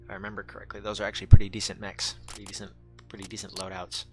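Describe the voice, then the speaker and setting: A man's voice: fairly low pitch, completely flat delivery, very fast, dark tone, soft background music. A man casually commentating his mech game playthrough, chatty and joking, talking back to the game. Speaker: gaming channel host. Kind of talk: let's play commentary.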